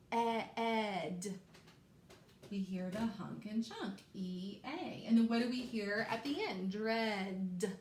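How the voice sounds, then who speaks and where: A woman teacher giving a phonics lesson to young children, stretching out words slowly and encouraging them. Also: medium pitch. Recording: echoey room, faint background noise.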